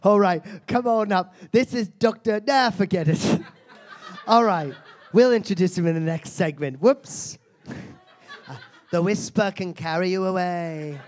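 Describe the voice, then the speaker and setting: A man's voice: high voice, measured pace. A man hosting a live comedy show on a theater stage, mock-solemn and abrasive, swearing and laughing at his own jokes.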